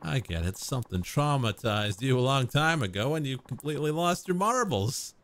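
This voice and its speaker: A man's voice: medium pitch, big pitch swings, moderate pace, fairly bright tone, a little hiss or hum. A man voicing a blunt, sarcastic tough guy. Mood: exasperated. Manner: blunt and sarcastic, casual slang. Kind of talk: reading game dialogue aloud with voices.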